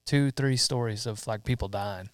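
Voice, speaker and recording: A man's voice: fairly low pitch, normal speed, smooth, dry recording, clean studio sound. A man hosting a casual chat, laid-back, filling his talk with "like" and "dude".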